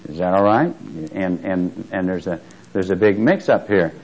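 A man's voice: low-pitched, animated, moderate pace, darkish tone, poor audio. Conversational preacher asking his congregation questions. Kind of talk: sermon.

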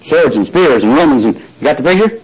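A man's voice: fairly high pitch, animated, quick pace, husky, lo-fi sound. A man preaching a sermon, retelling a scripture story, acting out its speakers and prompting the congregation to finish his lines, with frequent restarts.

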